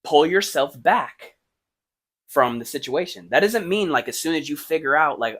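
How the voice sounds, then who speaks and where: A man hosting a podcast, giving casual motivational advice and thinking aloud with many fillers, swinging between hushed and emphatic. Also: mid-range voice, brisk, breathy edge. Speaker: podcast host.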